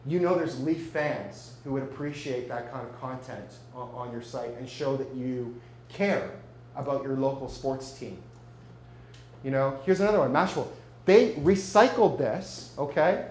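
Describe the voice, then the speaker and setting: A man's voice: fairly high pitch, a little mellow. A man giving a live presentation to an audience, chatty and jokey, often asking the room questions. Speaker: speaker at a marketing meetup. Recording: echoey room, faint hum.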